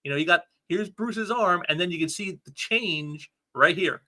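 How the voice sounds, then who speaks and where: A man hosts a casual comic review vlog, rambling eagerly and restarting his sentences. His voice sits fairly high and has a bright, forward ring to it. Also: normal speed. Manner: enthusiastic, rambling with many restarts.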